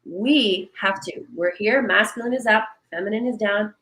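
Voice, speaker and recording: Woman, energy healer, animated coaching talk, video call audio, roomy echo. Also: mid-range voice, moderate pace. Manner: animated, guiding listeners through exercises.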